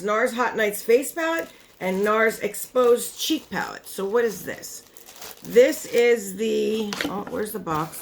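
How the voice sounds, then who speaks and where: Background noise sits behind this mid-range female voice. She's a young vlogger going through a beauty box unboxing in a casual, chatty way, worn out and losing her voice, wandering off on tangents and interrupting herself.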